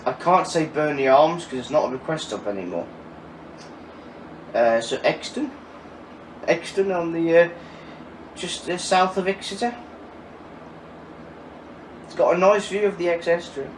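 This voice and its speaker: A man's voice: fairly high pitch, a little slow, pauses often. A man in his twenties answering viewer questions in a casual, chatty way. He laughs often and swears now and then. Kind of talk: casual Q&A chat. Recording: echoey, distant mic with faint ambient noise.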